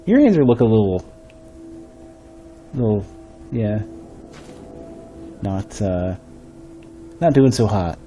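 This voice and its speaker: A man's voice: fairly low pitch, big pitch swings, slow pace, pauses often, dark tone, soft background music. A man streaming a game, thinking aloud and rambling in a casual, self-mocking way. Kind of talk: casual gameplay commentary.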